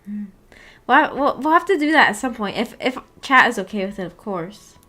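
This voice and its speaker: Chatty young woman with a higher voice. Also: lively intonation, a little fast, bright, forceful tone, soft background music. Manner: chatty and giggly, with frequent restarts. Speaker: streamer hosting a book club. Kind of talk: casual live-stream chat.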